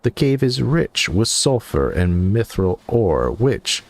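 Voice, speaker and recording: Man reads sardonic, world-weary male guard, low voice. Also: big pitch swings, slow pace, full character voice. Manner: sardonic, grim humor. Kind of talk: game dialogue read aloud.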